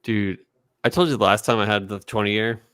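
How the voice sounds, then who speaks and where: A man co-hosting a casual podcast, animated as he tells stories and acts out what people said. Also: lowish voice, a little fast, clean tone, no echo, clean studio sound. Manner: animated storyteller, quotes people in voices. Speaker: podcast co-host. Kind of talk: casual chat.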